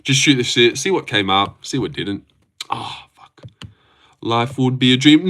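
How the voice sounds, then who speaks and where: A man's voice: medium pitch, expressive, measured pace, fairly bright tone. A young Australian man hosting a casual livestream, reading chat, rambling and swearing with frequent laughs. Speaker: livestream host.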